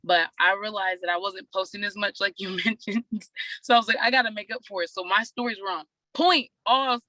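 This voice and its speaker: A chatty woman recounts a story, slipping into the voices of the people she quotes. Her voice is bright and forceful. The sound is dry and close. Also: medium pitch, steady tone, fairly quick, dry recording, rough recording. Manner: chatty, acts out quoted dialogue. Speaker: team member sharing a story. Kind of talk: casual storytelling on a group call.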